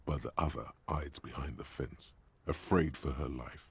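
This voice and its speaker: An actor voicing the gravelly inner-voice narrator of a detective game, coaching in grim, urgent second person. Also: male voice, steady tone, normal speed, dry recording, full character voice. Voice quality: deep husky rasp. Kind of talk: game voice acting.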